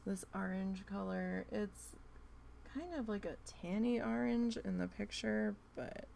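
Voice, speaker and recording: A young woman with a New Jersey accent, chatting casually and thinking out loud while she works on a craft project. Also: medium pitch, measured pace, creaky, a little hiss or hum. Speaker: craft vlogger.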